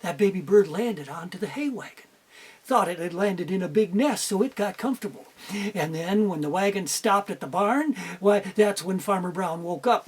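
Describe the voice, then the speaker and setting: Folksy male storyteller, husky tone, very animated delivery. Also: high voice. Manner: animated, folksy, makes sound effects. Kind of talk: oral storytelling.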